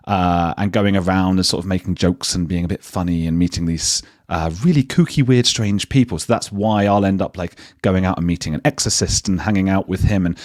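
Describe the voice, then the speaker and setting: A British man, a journalist and podcaster, talking as a guest in a casual interview, animated and self-deprecating, often restarting his sentences. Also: deep voice, a little fast, hardly any pauses, no room sound, clean studio sound. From Britain.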